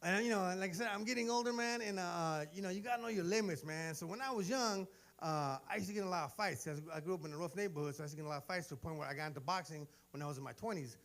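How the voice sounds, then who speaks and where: A man's voice: sits high, racing, fairly bright tone. A man, telling stories in a brash, profane stand-up comedy set. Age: 40s. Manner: brash, profane storytelling with acted-out dialogue.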